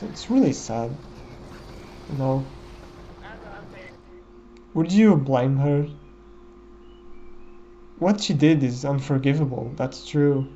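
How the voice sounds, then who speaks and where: Man, casual gameplay commentary, reflective, mellow tone, faint hiss behind. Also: mid-range voice, lo-fi sound. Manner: reflective, musing, often says "you know".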